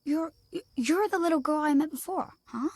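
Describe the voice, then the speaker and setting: A high-voiced puzzled young boy. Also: moderate pace, darkish tone, no room sound. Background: game music.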